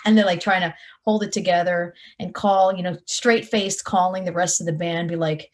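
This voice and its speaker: Young woman guitarist telling road stories, kinda low voice, acts out every quote. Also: fairly quick. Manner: animated storyteller, acts out quotes. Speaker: touring guitarist, interview guest. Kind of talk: casual interview chat.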